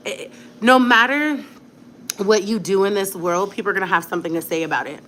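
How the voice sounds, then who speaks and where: A young woman vlogger speaks directly to her viewers in a casual, blunt, defiant way, packed with slang. Her medium-pitched voice is brisk and fairly bright, with a little hiss or hum in the background.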